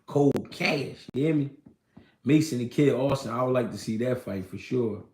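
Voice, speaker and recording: A man's voice: mid-range voice, moderate pace, a little mellow. Man, casual livestream chat, slangy, answering comments, roomy echo, faint background noise. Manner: loose, slangy, reads and answers viewer comments. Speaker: livestream host. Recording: echoey room.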